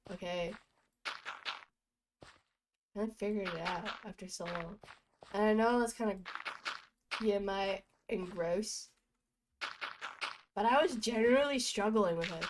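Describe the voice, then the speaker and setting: A woman's voice: mid-range voice, noisy background. A young woman streaming from home, rambling through goofy stories in a casual chatty way. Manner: chatty, goofy storytelling with bursts of laughter. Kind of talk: rambling casual chat while gaming.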